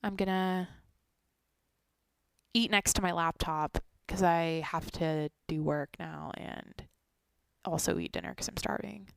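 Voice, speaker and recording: Young female solo podcaster, sleepy and rambly, profane, gravelly tone, dry close mic. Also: fairly low pitch, fairly even intonation, measured pace, no echo. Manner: rambling, profane, swings between loud bursts and near-whispers. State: sleepy, tired. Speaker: podcast host. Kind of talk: solo daily podcast monologue.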